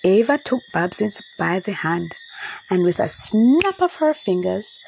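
A woman narrating a children's storybook in an expressive storytelling manner. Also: medium pitch, unhurried, vocal fry, a little hiss or hum, poor audio.

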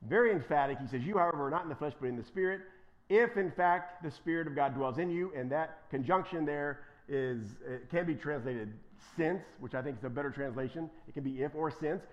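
A man preaching an emphatic sermon as pastor, swinging from quiet asides to loud, impassioned declarations. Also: on the high side, fairly quick, lo-fi sound.

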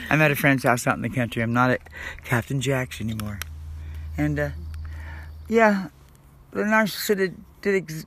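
A man's voice: fairly high pitch, a bit bright. A man hosting his own podcast, talking in a rambling, scattered, confessional way in a casual monologue. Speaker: podcast host. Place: friend's house in the country.

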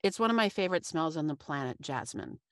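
A woman co-hosts a podcast in easy, teasing chat, laughing often. Her voice sits a little low and sounds dry and close to the mic. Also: animated, fast talker, no room sound. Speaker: podcast co-host. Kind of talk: casual chat.

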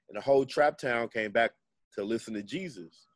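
A man's voice: mid-range voice, fast talker, no echo. Laid-back man telling a slangy comic story. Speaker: podcast co-host telling a comic Bible story. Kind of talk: casual comedic storytelling.

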